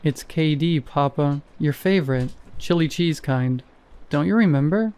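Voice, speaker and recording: A man's voice: a little high, expressive, measured pace, a little mellow, clean tone. A man voicing a frightened little boy, pleading. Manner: pleading, repeating his words. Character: scared little boy with a slight Russian accent.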